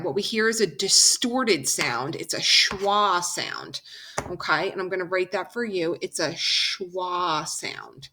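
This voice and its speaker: A woman giving a phonics lesson in a bright, clear voice. She talks slowly and patiently and draws out each example sound. She often pauses to check that her students follow. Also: mid-range voice. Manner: patient, slow and deliberate, drawing out example sounds. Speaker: teacher.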